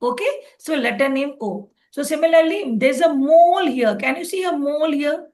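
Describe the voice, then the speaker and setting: A woman's voice: high voice, normal speed, a little mellow. A woman teaching a phonics lesson online, explaining patiently and checking in with "okay" often.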